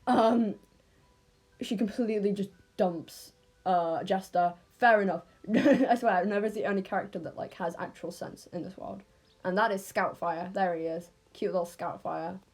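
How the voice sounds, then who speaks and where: A woman's voice: fairly low pitch, fairly even intonation, measured pace, a little mellow. A woman with an English accent, telling an unscripted story in a casual, rambling way and often correcting herself.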